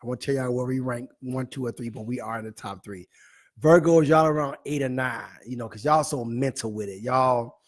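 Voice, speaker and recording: A male host chatting live to his online audience, his pitch sitting squarely in the middle for a man. He reads viewer messages aloud and answers them playfully. His delivery stays animated and teasing throughout. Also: fairly quick. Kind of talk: live online talk show, reading viewer comments.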